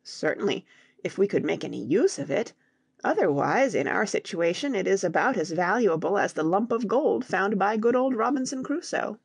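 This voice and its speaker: Woman voicing a calm storybook father. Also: mid-range voice, normal speed, gravelly, slightly rough, no echo, clean studio sound, exaggerated voice. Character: calm wise middle-aged father.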